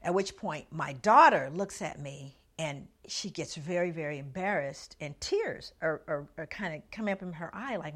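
A woman's voice: sits low, moderate pace, few pauses. A middle-aged woman telling a personal story, acting out the voices of the people in it. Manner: animated storyteller acting out others' lines. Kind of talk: storytelling talk.

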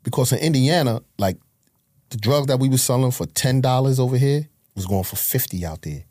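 A man, a podcast guest telling his life story in a slangy, animated way. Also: fairly quick, no echo, clean studio sound. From Harlem, New York. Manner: slangy, animated storytelling with sudden high outbursts. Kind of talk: casual storytelling interview.

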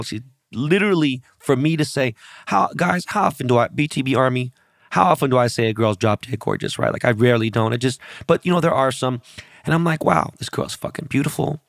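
Brash, gravelly man hosting a podcast. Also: mid-range voice, no echo, studio quality. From born and raised locally. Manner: brash, profane, storytelling with quoted voices. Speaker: podcast host. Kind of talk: casual podcast chat.

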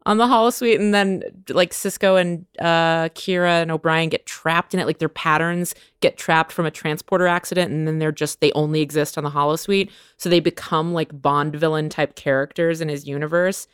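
A woman's voice: deep voice, steady tone, moderate pace, few pauses, clean tone, no room sound, clean studio sound. A woman co-hosting a podcast, chatting casually and reacting with enthusiasm. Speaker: podcast co-host. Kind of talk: casual chat.

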